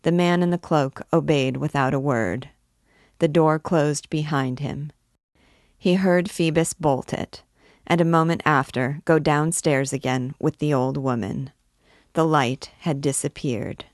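A woman reading a classic novel aloud, measured and gently voicing the characters' lines. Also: low voice, no room sound, clean studio sound. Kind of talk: book reading.

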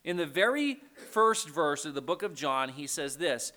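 A pastor preaches a sermon in a conversational way, frequently checking in with his listeners. His voice is a little high, with lively intonation, a bright, forceful tone, normal speed and hardly any pauses.

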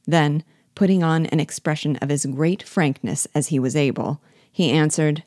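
Low-voiced woman reading a novel aloud. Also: fairly even intonation, moderate pace, darkish tone, no room sound, clean studio sound. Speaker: audiobook reader. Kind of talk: measured literary reading.

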